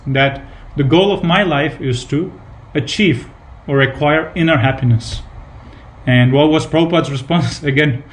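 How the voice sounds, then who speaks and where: Man giving an emphatic devotional talk. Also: on the high side. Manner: repetitive, emphatic storytelling with fillers. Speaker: speaker giving a scripture class. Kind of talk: devotional sermon with retold anecdotes.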